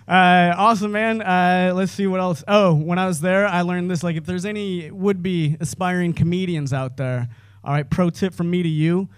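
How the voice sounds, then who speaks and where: High-voiced American stand-up comic. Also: male voice, clear, resonant tone, no echo. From United States. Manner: rambling, animated, swearing, chuckling at own jokes. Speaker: stand-up comedian. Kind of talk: stand-up comedy set. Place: comedy club stage.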